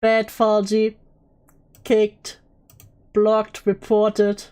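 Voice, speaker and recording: A woman hosting a stream, chatting casually and teasing her guest with deadpan jokes. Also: medium pitch, extremely slow, smooth. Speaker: streamer host.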